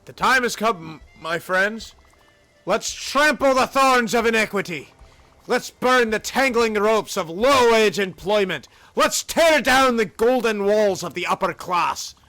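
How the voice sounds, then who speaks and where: A man's voice: sits high, expressive, measured pace, pushed and bright, soft background music, pitched above the performer's own voice, full character voice. A man doing a fiery Scottish union organizer. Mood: rousing. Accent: put-on Scottish. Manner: rousing, speech-like declaiming. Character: fiery male union organizer rallying workers.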